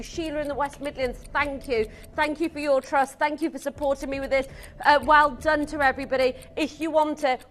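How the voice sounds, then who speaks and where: Live on a shopping channel, a woman gushes with excitement as she pitches a product, rattling off the names of buyers.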